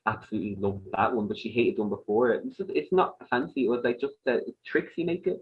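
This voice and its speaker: An Irish man in his young adult years chats loosely about everyday things, trailing off and laughing a lot. His voice sits at a middling pitch. The recording sounds a little dull and lo-fi. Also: fast talker. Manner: laughs often, rambling and animated. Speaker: podcast guest. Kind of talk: casual chat.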